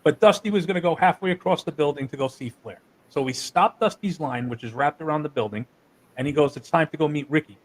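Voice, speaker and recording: A man who runs wrestling shows, from New Jersey, telling animated, profane stories in a casual interview. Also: a little high, fast talker, slight background noise, rough recording. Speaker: wrestling promoter.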